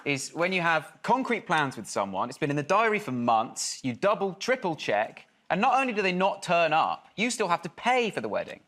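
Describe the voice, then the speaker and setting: A man's voice: fairly high pitch, sing-song, moderate pace, few pauses, fairly bright tone. A man comedian telling dry stand-up jokes on a comedy game show. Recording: studio audience and noise.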